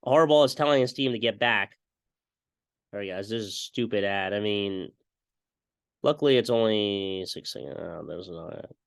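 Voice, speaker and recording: A young man giving a casual play-by-play breakdown of a football game. He gets excited and copies broadcast calls, and he keeps repeating stock phrases. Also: lowish voice, normal speed, long pauses, clean tone, no echo. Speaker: fan video commentator.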